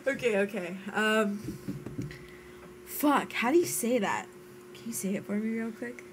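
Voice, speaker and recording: Giggly American woman streamer, slow talk. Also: medium pitch, slight background noise. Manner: giggly, swearing, playful. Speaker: game streamer. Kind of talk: casual chat while gaming.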